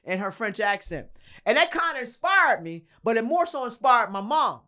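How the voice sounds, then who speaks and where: A woman from Philadelphia, a guest on an interview show, telling her story in a lively, slangy, profane way and acting out the quotes. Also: on the high side, moderate pace.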